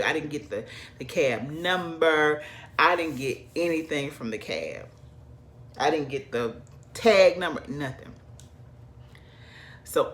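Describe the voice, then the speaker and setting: A woman's voice: low-pitched, fairly bright tone. A woman from the South, chatting animatedly to her viewers as she tells a personal story. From American South. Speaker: vlogger. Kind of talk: casual storytelling.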